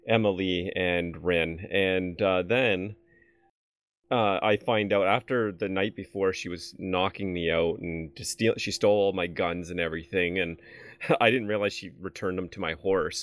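A man's voice: low-pitched, a bit bright, smooth. A man casually retelling roleplay game events, hesitant and full of ums and uhs.

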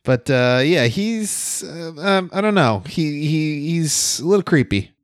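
A man's voice: a little high, animated, unhurried, smooth, no echo, clean studio sound. A man co-hosting a casual chat, chatty and rambling with many fillers and restarts, laughing often. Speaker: podcast co-host.

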